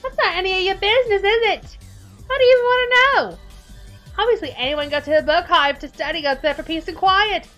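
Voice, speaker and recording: A woman's voice: very high-pitched, a little fast, sharp tone, faint music behind, voice pushed up. A woman voicing a possessive, defensive young female troll, in a put-on sitcom-mom voice with a muddled accent. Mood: snappy hostile. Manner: snappy, defensive, intense.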